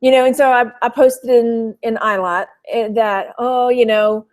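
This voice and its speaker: A woman from Texas chatting casually on a live stream, rambling through a personal story with lots of "you know" fillers and pausing to greet viewers by name. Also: on the high side, steady tone. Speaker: thrift reseller vlogger.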